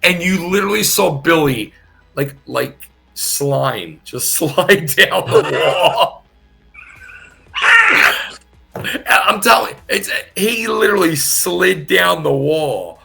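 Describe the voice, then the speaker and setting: A man's voice: high voice, lively intonation, slow, creaky, bright, forceful tone. A middle-aged man, a former wrestler guesting on a podcast, telling wild stories in a casual, profane way, laughing and repeating himself. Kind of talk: casual storytelling.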